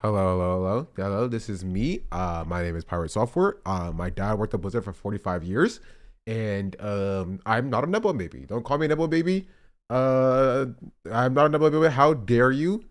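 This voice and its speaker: A man putting on a deeper voice to impersonate a defensive game-developer streamer. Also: animated, normal speed, natural voice. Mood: indignant.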